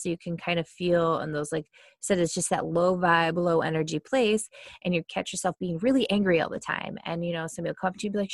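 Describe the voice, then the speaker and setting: A woman's voice: on the low side, a little fast, dry recording, studio quality. A woman coaching in a casual, explanatory way, full of fillers and acted-out complaints. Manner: chatty, many fillers, acts out quoted complaints.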